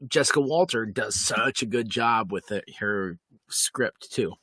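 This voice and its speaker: A man's voice: lowish voice, a little slow, sharp tone, breathy edge, no room sound. A man co-hosting a podcast, chatting casually and giving emphatic opinions. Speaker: podcast co-host. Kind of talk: casual chat.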